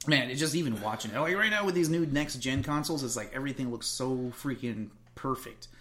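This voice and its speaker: A man's voice: medium pitch, fairly quick, fairly bright tone. A man in casual conversation, talking animatedly and slipping into mocking voices when he retells stories. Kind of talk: casual chat.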